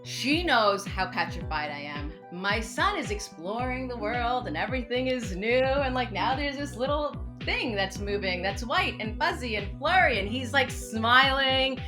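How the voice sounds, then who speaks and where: A woman in her forties, a podcast guest, telling a personal story in a dramatic, expressive way and laughing often. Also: fairly high pitch, unhurried, few pauses, music in the background. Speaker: podcast guest, teacher and meditation coach. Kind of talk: animated storytelling in an interview.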